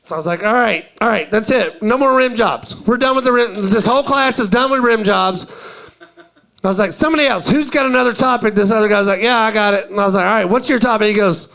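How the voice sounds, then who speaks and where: A man's voice: high-pitched, a little fast, vocal fry, a bit bright. A man doing live stand-up, telling a story in a drawling, conversational way and quoting other people. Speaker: stand-up comedian. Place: live comedy venue.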